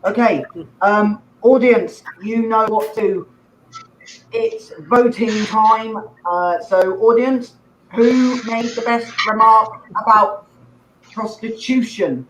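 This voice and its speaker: A man's voice: high-pitched, takes it slowly. A man hosting an online comedy contest, loose and swearing, with hesitant fillers. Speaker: host. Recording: echoey room with faint noise.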